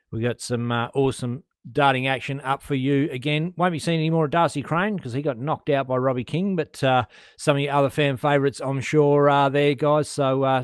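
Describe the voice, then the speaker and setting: Joking Australian darts commentator, dry mic. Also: male voice, medium pitch, fairly even intonation, brisk, no echo. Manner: joking, chatty, self-deprecating. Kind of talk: casual live commentary.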